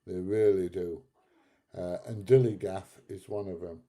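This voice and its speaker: Slow, dark-voiced blunt northern English man. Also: low voice, fairly even intonation, a little hiss or hum. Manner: blunt, chatty, laughs often. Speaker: livestream host. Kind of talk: casual livestream chat reading comments.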